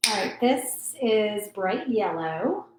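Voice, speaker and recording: A woman's voice: medium pitch, lively intonation, slow pace, noisy background. A woman, chatting casually while she paints and reads viewer comments aloud on a craft livestream. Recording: roomy echo.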